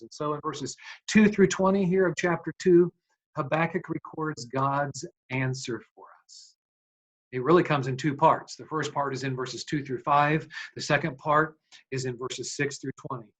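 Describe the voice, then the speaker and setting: A man's voice: fairly high pitch, normal speed, low-quality recording. A male pastor preaching an earnest, emphatic sermon, often asking rhetorical questions. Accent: American.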